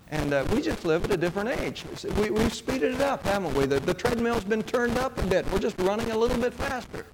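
A male pastor preaching a sermon to his congregation, asking rhetorical questions and answering them himself. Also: high voice. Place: church sanctuary. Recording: hall reverb with clear background noise.

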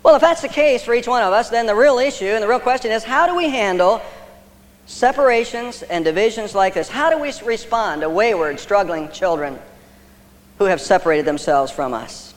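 A man preaching a sermon as pastor, emphatic, with pauses for effect. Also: high-pitched, lively intonation, in a large hall.

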